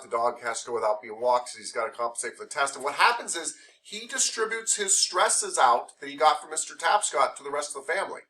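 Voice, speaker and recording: A man's voice: on the high side, sharp tone, far from the mic. A man teaching a massage therapy class, lecturing conversationally and explaining ideas through playful made-up examples.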